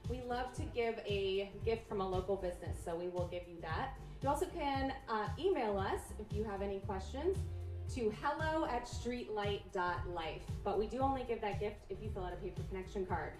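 A woman's voice: mid-range voice, moderate pace. A woman giving live announcements in a church service, upbeat and chatty, laughing often. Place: church sanctuary. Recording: echoey sanctuary with music behind.

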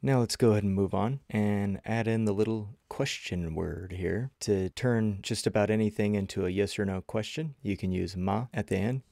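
A man teaching a casual recorded language lesson, slowing down to repeat example phrases for learners. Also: lowish voice, gravelly, warm tone, no echo, clean studio sound. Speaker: Mandarin teacher.

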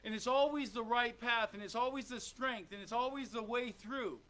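A male pastor preaching with fervent call-and-response energy, firing questions at the congregation. His voice sits high and sounds bright and forceful. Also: normal speed. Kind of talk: sermon. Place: church sanctuary.

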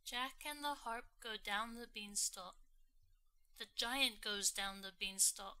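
A woman reading a simple storybook aloud for learners, with clear, deliberate phrasing. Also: a little high, bright, forceful tone. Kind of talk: slow storybook read-along for learners.

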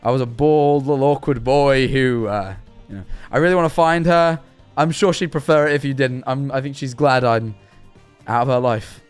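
A man's voice: medium pitch, normal speed, clean tone, soft background music. A man in his twenties chatting on a livestream, telling self-deprecating stories and stumbling over his words. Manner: stammering, self-deprecating storyteller. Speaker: streamer. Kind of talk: livestream reaction chat.

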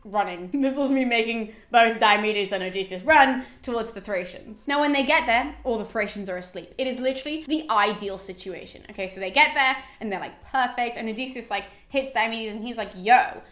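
A woman hosting an educational series, retelling an ancient epic in a chatty, animated way, full of "like" and quick asides. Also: a little high. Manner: chatty and animated, heavy use of "like", frequent laughter. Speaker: host of an educational classics series. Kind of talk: casual explanatory retelling. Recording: roomy echo.

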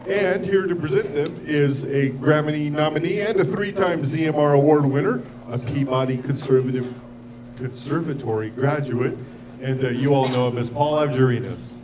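A man emceeing an award show live, briskly announcing categories and introducing a presenter. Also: on the high side. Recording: live stage recording with crowd noise.

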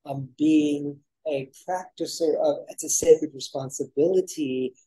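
A man's voice: a little high, a little slow, mellow, husky, rough recording. A man in a spiritual conversation, reflective and earnest, sharing sayings. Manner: reflective and earnest, gives aphorisms.

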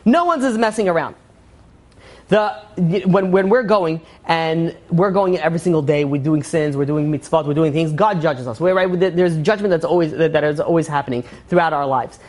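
A man's voice: fairly high pitch, normal speed, few pauses, a little mellow. A male rabbi giving an informal Torah class, telling parables in a rambling way full of "you know" and acting out the characters' lines. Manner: rambling storyteller, many fillers, acts out quotes.

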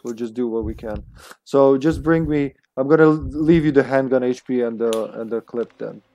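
A man chatting casually while playing a co-op game on stream, quick and prone to swearing when flustered. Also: medium pitch, mellow, dull audio. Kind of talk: casual gaming chat.

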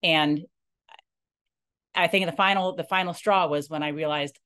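A woman who runs a non-profit, telling a personal story in an earnest, halting way and acting out the dialogue she quotes. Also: low-pitched, fairly even intonation, fairly bright tone, clean tone. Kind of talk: personal story told to camera.

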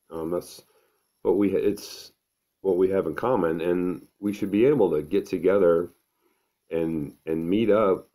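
A middle-aged man, talking to camera at home in an unhurried, earnest, thinking-aloud way. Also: sits low, dark tone. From American Midwest. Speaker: vlogger. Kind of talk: casual to-camera monologue.

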